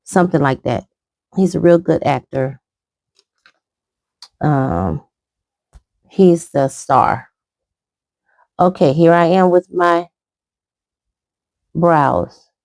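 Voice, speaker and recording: A woman's voice: low voice, animated, extremely slow, gravelly, long pauses, darkish tone, no echo. A middle-aged woman rambling chattily through a makeup tutorial, talking as she applies it. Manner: rambling, chatty, talks while applying makeup. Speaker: makeup vlogger. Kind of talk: casual makeup tutorial chat.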